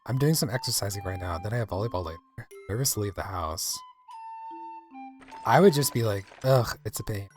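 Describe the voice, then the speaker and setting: A man's voice: fairly low pitch, animated, fairly quick, faint music behind. A man from the American South, chatting casually with his chat while livestreaming a game. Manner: chatty, rambling, playful.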